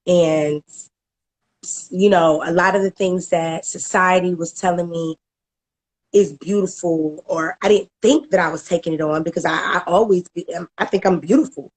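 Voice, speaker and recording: Middle-aged woman, heartfelt testimonial, lots of restarts and little laughs, lowish voice. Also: a little mellow, breathy edge. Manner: halting, repeats words, laughs often. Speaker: coaching program client giving a testimonial. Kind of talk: emotional personal testimonial.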